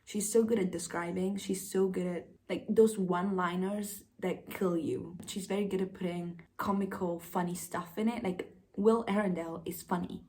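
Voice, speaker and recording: A woman's voice: fairly low pitch, steady tone, moderate pace, hardly any pauses, a little mellow. A young woman vlogging casually about books, gushing and emotional, sometimes dropping almost to a whisper. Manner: gushing, emotional, drops to a near whisper at times. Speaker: book vlogger. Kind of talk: casual vlog chat.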